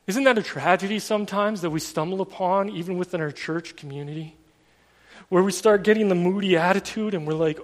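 A man with a high voice and brisk delivery preaches a conversational sermon, telling stories casually and filling his speech with everyday fillers. The recording carries the long reverb of a large hall.

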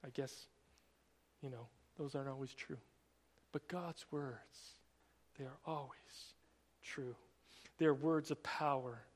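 A man preaching a sermon, swinging between emphatic raised passages and quiet, drawn-out emphasis. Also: high-pitched, long reverb tail. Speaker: pastor.

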